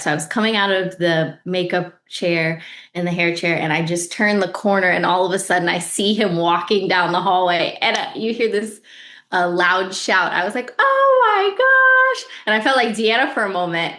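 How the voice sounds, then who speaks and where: Actress lady on a podcast, thoughtful, lowish voice, kinda roomy echo. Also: moderate pace. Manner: earnest and reflective, animated when retelling. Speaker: actress guest. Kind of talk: podcast interview.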